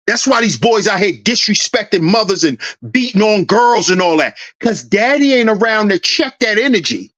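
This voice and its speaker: A man's voice: high-pitched, animated, normal speed, hardly any pauses, fairly bright tone, dull audio. A man hosting a commentary channel, delivering a heated, preachy monologue and acting out confrontations in a dad's voice. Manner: preachy, confrontational, acts out scenes.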